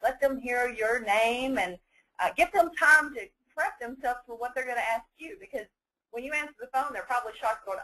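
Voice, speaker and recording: A woman leading a phone-skills training webinar, chatty and quick, laughing now and then. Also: on the high side, bright, forceful tone, low-quality recording. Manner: fast-talking, chatty, laughs often.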